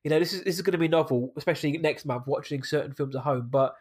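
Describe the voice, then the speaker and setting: A man's voice: a little high, fast, a little mellow, slightly rough. A British man co-hosting a casual movie podcast, a bit nasal from hay fever, chatty and enthusiastic. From Britain. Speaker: podcast co-host.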